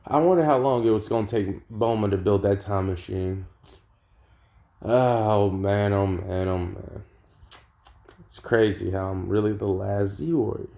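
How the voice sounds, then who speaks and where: A man's voice: lowish voice, a little slow, creaky, mellow. A man voicing a one-armed male veteran fighter, nostalgic and rambling, sighing about being the last one left.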